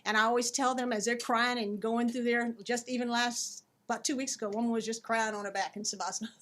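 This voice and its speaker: A woman who teaches yoga, a guest on a talk show, telling stories in an earnest, expressive way. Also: fairly high pitch, quick pace. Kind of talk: casual interview chat.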